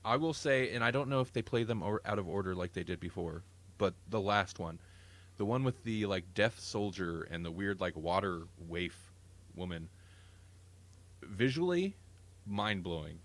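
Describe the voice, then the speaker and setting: A man's voice: low-pitched, expressive, normal speed. A man hosting a casual podcast chat, rambling and enthusiastic, often correcting himself mid-sentence. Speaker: podcast host.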